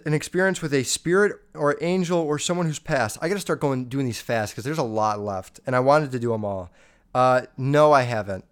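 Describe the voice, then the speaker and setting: A young man talks through listener questions on his own podcast, crude and rambling, cursing freely as he goes. His voice is smooth and clear and sits at an ordinary middle pitch. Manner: crude, rambling, swears often. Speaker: podcast host. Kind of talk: casual solo podcast, answering listener questions.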